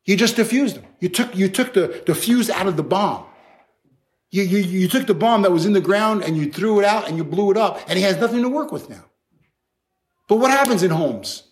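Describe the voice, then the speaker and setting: High-voiced animated male preacher. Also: fairly quick. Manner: animated, conversational preaching with playful acted asides. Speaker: pastor. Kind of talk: sermon.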